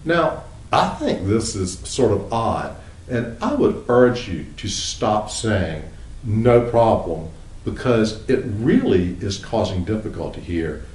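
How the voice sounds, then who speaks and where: A man with a drawl delivers a dry, humorous monologue, slipping into mocking tones when he quotes people. His voice sits low but swings widely in pitch. The sound carries a noticeable room echo. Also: very animated, slow, darkish tone. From United States. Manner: wry, drawling, quoting others in mock voices. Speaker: writer and commentator.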